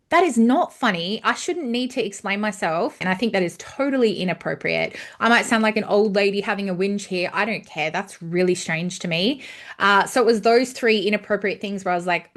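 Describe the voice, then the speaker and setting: A woman's voice: on the high side, lively intonation, moderate pace. A woman in her thirties giving a blunt, ranting movie review who swears freely. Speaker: film reviewer. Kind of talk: casual spoken movie review.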